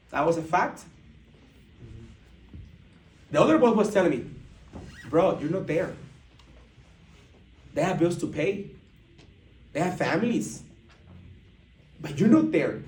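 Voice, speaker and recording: Guy giving a big storytime speech, kinda high voice, echoey hall, mic sounds far away. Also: slow pace, long pauses. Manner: animated, acts out dialogue, frequent restarts. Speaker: motivational speaker at a business event. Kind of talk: storytelling speech to a live audience. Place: large indoor event room.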